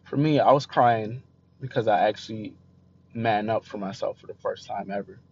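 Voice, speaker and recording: A man's voice: lowish voice, moderate pace, vocal fry. Emotional young man retelling a hard moment. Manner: emotional, repeats phrases, voice trails off quieter. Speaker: podcast host telling a personal story. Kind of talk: confessional personal storytelling. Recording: slightly dull lo-fi recording with faint noise.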